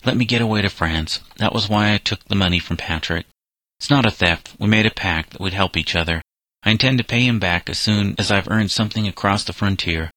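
A man's voice: on the low side, a little fast, sharp tone, no echo. A man reading the part of a sullen, defiant seventeen-year-old runaway boy who speaks in bitter, resentful protests. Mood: pleading.

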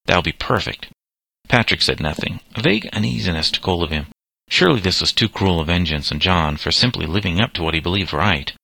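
Low, bright-toned male storyteller. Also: lively intonation, fast talker, gravelly, dry recording. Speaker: narrator. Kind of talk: scripted narration, reading a novel aloud.

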